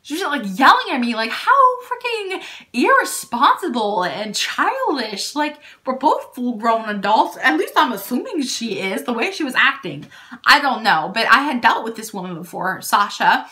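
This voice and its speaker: Bright-voiced indignant young woman vlogger. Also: a little high, normal speed. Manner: animated and indignant, heavy use of "like". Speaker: vlogger telling a story. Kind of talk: storytime vlog, casual retelling.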